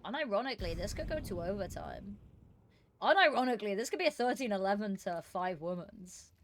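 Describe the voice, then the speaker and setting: A woman's voice: mid-range voice, animated, brisk, a little mellow, a little hiss or hum. A woman casting an esports qualifier on a live stream, chatting casually and rambling with fillers and self-deprecating asides.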